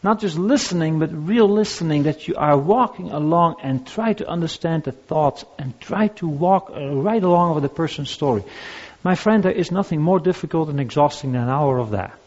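Older man, pastor, anecdotal sermon delivery, slightly high voice, muffled lo-fi sound. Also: expressive, moderate pace, a little mellow. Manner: conversational, anecdotal, with frequent restarts. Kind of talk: sermon on grief and listening. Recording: dull lo-fi recording.

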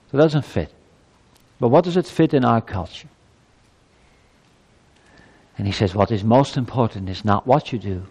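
A male pastor preaching a sermon to his congregation, emphatic and swinging from soft passages to loud exclamations. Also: medium pitch. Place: church. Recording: long church-hall reverb.

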